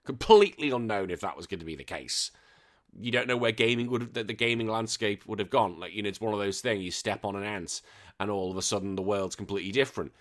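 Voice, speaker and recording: A man, hosting a podcast in casual chat, rambling and excitable and swearing freely. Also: lowish voice, fast. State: recovering from illness. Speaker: podcast host.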